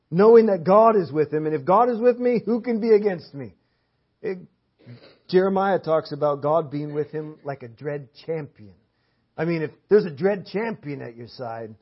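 A man with a high, husky voice preaches in church, a little hoarse and clearing his throat. He builds earnest emphasis through repeated rhetorical questions. The dull, lo-fi recording takes the edge off his voice. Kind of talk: sermon with Bible reading. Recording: dull lo-fi audio.

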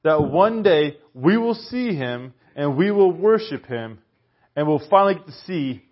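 A man preaching a sermon in a conversational, animated way, sometimes dropping to a hushed softness. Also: a little high, a little slow. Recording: dull, lo-fi church recording.

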